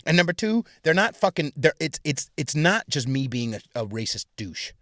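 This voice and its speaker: A man's voice: on the high side, sing-song, moderate pace, a bit bright, no echo, studio quality. A young adult man hosting a podcast, delivering a crude, profane, heated rant. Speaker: podcast host. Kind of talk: crude solo comedic rant.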